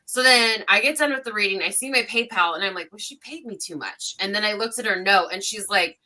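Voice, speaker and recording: A woman psychic medium with a medium-pitched voice talks briskly, telling casual stories on a livestream panel. She acts out dialogue animatedly, her voice climbing.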